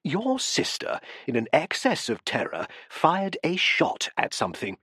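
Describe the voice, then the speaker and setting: A man voicing a stout, genial elderly male detective who questions people in a musing, deliberate way, in an audiobook. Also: fairly high pitch, wildly swooping pitch, bright, forceful tone, slightly rough, no room sound, clean studio sound, voice pushed up, heavily acted. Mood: pondering. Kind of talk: audiobook character voice.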